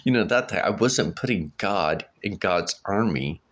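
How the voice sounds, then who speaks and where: A middle-aged man with a very low, deep voice talks straight to his viewers in a loose, personal vlog. He rambles and keeps restarting his sentences, filling the gaps with ums and uhs as he goes. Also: expressive, measured pace, fairly bright tone. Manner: rambling, with many restarts and fillers. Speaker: vlogger. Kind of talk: casual vlog monologue.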